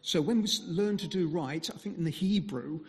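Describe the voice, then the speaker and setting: A man speaking as a visiting mission speaker, giving a conversational sermon full of pauses and fillers. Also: on the high side, big-room sound. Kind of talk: sermon talk.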